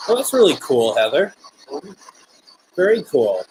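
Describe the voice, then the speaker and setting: A man hosting a live spirit box stream, talking gently with viewers and politely calling on spirits. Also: a little high, very animated, a little slow, noisy background.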